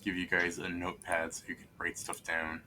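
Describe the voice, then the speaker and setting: A man's voice: low-pitched, completely flat delivery, fairly quick, bright, forceful tone, a little hiss or hum. A man running a tabletop game as game master, dry and teasing, stopping to ask his players questions.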